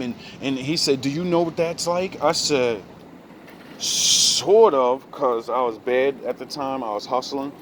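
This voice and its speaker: A man's voice: medium pitch, a little slow, a little hiss or hum. A man talking in a casual, reflective monologue, rambling and full of profane street slang. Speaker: vlogger.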